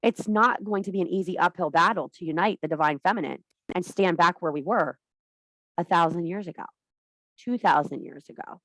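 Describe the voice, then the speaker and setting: A woman's voice: fairly low pitch, a little fast, fairly bright tone, no room sound. Blunt, profane woman preaching to a women's circle. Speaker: spiritual teacher. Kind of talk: impassioned women's circle talk.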